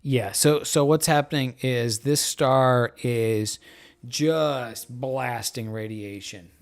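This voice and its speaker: A man hosting a casual live stream, talking in a loose, rambling way with many fillers, relaxed and joking, a little tipsy. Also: mid-range voice, slow. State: a bit tipsy from beer. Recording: faint music in background.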